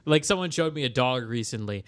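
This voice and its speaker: A man's voice: medium pitch, animated, brisk. Young man hosting a chatty radio quiz. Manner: chatty, giggly, runs the quiz. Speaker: radio show host, quizmaster. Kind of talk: casual college radio chat.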